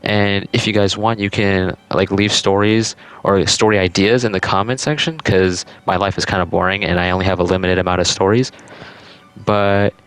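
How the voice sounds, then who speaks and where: A man's voice: deep voice, fairly even intonation, normal speed, fairly bright tone, clean tone, dry recording. Rambling young guy telling a story. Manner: rambling, heavy use of "like" and "um". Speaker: storytime vlogger. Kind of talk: casual storytelling.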